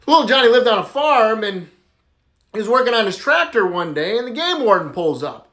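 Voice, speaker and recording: A man telling a string of jokes in a casual, animated way, jumping up in pitch for the punchlines. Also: brisk. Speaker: joke teller.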